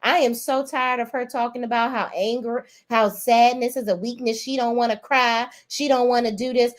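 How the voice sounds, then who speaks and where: A young adult woman giving a blunt, profane, animated rant as host of a reality TV recap. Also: on the high side, moderate pace, few pauses. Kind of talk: casual ranting commentary.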